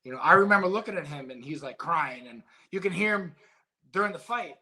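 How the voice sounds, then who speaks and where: A middle-aged man, a former boxer being interviewed, who tells stories in a casual, animated and emotional way and swears freely. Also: a little high, a little fast. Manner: emotional, animated storytelling with profanity. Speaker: guest, former heavyweight boxer.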